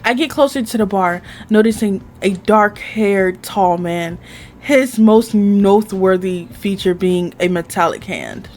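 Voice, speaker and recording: A woman's voice: mid-range voice, a little slow, darkish tone. Woman reading a dating game aloud. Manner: narrates actions in first person, casual asides. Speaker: gaming channel host.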